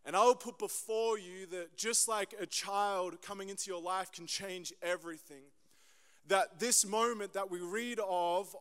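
A young man preaching a sermon, telling a personal story with animated repetition for emphasis. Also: high voice, clear, resonant tone, big-room sound. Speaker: pastor.

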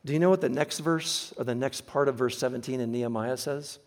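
A man preaching a sermon, earnest and emphatic, slowing down to stress key phrases. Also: medium pitch.

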